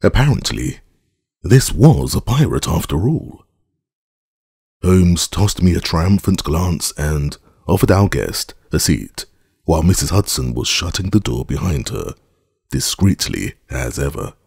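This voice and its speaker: Male audiobook narrator, measured and formal, very low and gravelly, dry sound. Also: sing-song, a little mellow, dry recording.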